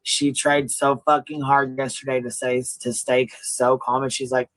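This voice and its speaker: A man's voice: medium pitch, level tone, normal speed, few pauses, a bit bright, no room sound, low-quality recording. Profane man ranting on a stream. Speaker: live streamer in a played clip. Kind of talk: heated stream rant.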